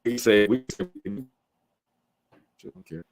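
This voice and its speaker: A man's voice: on the low side, takes it slowly. A man hosting a live online telethon, chatting casually and joking in slang with his co-hosts over a video call. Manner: laid-back, joking, slangy. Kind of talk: casual banter on a livestream.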